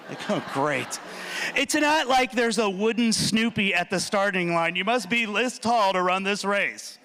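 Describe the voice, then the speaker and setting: A man performing a stand-up comedy routine, animated and punchy, talking straight to the audience with quick asides. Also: sits high. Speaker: student speaker. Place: large hall.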